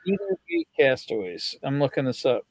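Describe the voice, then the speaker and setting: A man co-hosting a podcast in casual chat, with quick, offhand banter. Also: medium pitch, huge pitch swings, no room sound. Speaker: podcast co-host.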